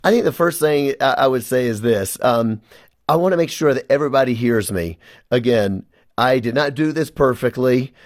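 A man's voice: mid-range voice, moderate pace, no echo. Man guest, earnest testimony, dry close studio mic. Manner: earnest, emotional storytelling. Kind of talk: personal testimony in a radio interview.

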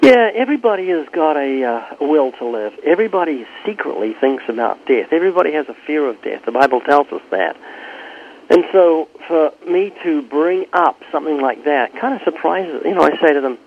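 An older man with a gravelly, slightly high voice tells stories about his street preaching in an interview. He acts out both sides of his conversations with people. The sound is thin and narrow, like a phone line. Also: lively intonation, fairly quick, a little hiss or hum. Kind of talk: interview answers, storytelling.

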